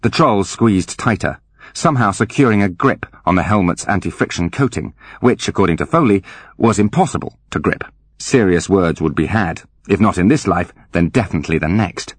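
A man narrating an audiobook with wry, animated storytelling. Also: deep voice, normal speed, breathy edge, dry recording. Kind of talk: scripted narration.

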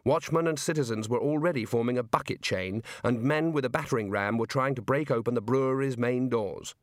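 A man reading an audiobook in even, measured scripted narration. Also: medium pitch, no echo, studio quality.

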